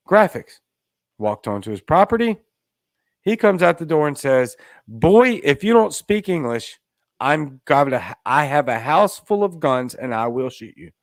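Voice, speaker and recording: A man's voice: no room sound, studio quality. A man hosting an opinion show, talking in a sarcastic, emphatic rant. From Louisiana. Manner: sarcastic, emphatic, rants with rising pitch. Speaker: podcast host. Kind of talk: opinionated commentary monologue.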